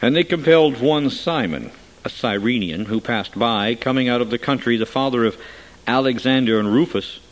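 A man reads scripture aloud in a measured, solemn manner. His voice sits at an ordinary middle pitch for a man. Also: rough recording. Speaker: scripture reader. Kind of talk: scripture reading.

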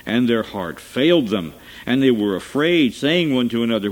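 A man reads scripture aloud with a solemn, measured delivery. His voice sits at an ordinary middle pitch for a man, steady and unhurried. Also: low-quality recording. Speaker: scripture reader. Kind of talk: scripture reading.

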